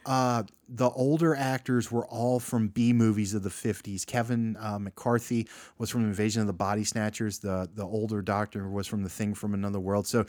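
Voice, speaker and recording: A man's voice: fairly low pitch, little pitch movement, normal speed, a little mellow, no room sound, clean studio sound. A man co-hosting a casual movie podcast, chatty and enthusiastic, laughing often. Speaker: podcast co-host.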